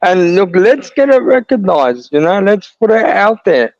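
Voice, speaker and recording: A man's voice: sits high, sing-song, unhurried, a little mellow, no echo. Aussie guy hosting a podcast, muffled dry sound, mid voice. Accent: Australian. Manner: brief affirming interjections. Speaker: podcast host. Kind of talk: casual podcast interview.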